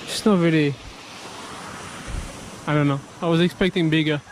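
A young man talks into an action camera while hiking outdoors, tossing off blunt, casual comments with a curse here and there. His voice sits slightly higher than most men's, and a faint hiss of outdoor noise runs behind him. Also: steady tone, moderate pace, poor audio. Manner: offhand, blunt remarks with casual swearing. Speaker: travel vlogger. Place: outdoors on hiking trails and in caves.

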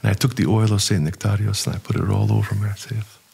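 A middle-aged archpriest telling a personal story in an earnest, halting way, with many pauses and fillers. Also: male voice, fairly low pitch, fairly even intonation, creaky, a little mellow, breathy edge. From United States. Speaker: archpriest guest.

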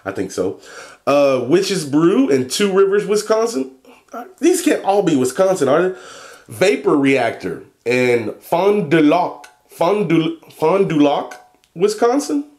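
A young man talking casually in a vlog, cursing and joking as he reads a long list of shout-outs and stumbles over place names. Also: fairly high pitch, sing-song, slow. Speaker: vlogger and e-liquid maker.

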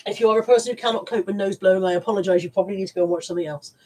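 A woman's voice: medium pitch, racing, darkish tone, husky, poor audio. A woman with a stuffy head cold, chatting in a rambling, self-mocking way on a live stream from home. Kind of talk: casual live-stream chat.

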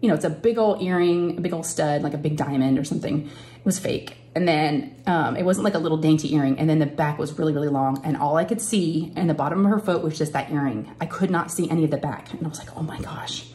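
A middle-aged woman with a slightly low voice, talking in a chatty, animated way. She tells a long story full of asides, like a crafting vlogger speaking to her viewers from her craft room at home. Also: quick pace. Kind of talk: casual storytelling chat.

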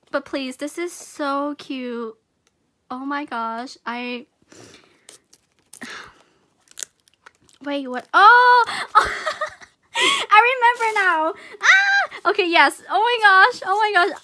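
Bubbly high-voiced woman unboxing gifts. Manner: excitable, gushing, frequent gasps and giggles. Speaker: unboxing vlogger. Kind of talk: casual unboxing chat.

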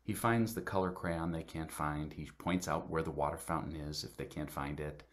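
A middle-aged man speaks to a church congregation in an extremely low, rumbling voice. He tells a family story in a halting way, full of fillers and restarts. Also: fairly even intonation. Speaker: guest speaker at church service. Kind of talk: personal storytelling talk.

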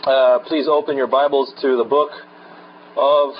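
A man's voice: mid-range voice, steady tone, normal speed, a little hiss or hum. A man who pastors a church, giving a conversational sermon with frequent filler words. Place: church hall. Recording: echoey hall, far from the mic, dull.

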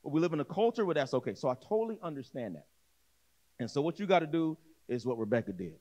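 Heard in lo-fi sound, a male pastor preaches at a quick pace, his high voice lively and swooping. He speaks to the congregation in a casual, direct way, plays out the characters in his story, and keeps repeating himself or starting phrases over.

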